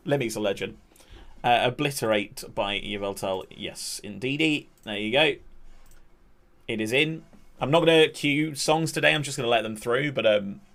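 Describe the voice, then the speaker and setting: During a live watch-along stream, a young man commentates a football match as an amateur, his pitch surging excitedly whenever there's an attack. Between plays, he reads chat and makes chatty asides to his viewers.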